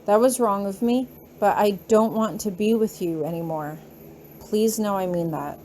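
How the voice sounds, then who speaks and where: A woman's voice: medium pitch, moderate pace, darkish tone, a little hiss or hum, natural voice. A woman voicing a resolved young heroine. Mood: firm.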